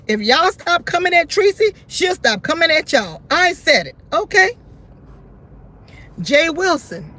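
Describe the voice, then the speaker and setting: A woman's voice: high-pitched, bright, forceful tone. A woman hosting her own channel, giving blunt, sassy commentary and scolding other creators directly. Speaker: YouTube channel host.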